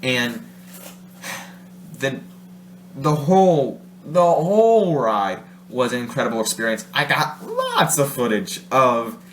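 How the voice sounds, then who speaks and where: A man's voice: mid-range voice, wildly swooping pitch, takes it slowly. A man from Ohio chatting casually to his vlog audience, rambling, correcting himself and laughing often. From Ohio, USA. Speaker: vlogger. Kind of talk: casual monologue. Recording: roomy room with faint hum.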